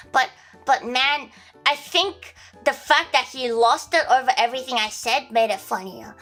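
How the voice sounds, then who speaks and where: A woman's voice: fairly high pitch, normal speed, a bit bright, faint music behind. A young woman with an Australian accent telling a rambling story casually on a livestream, full of restarts and fillers.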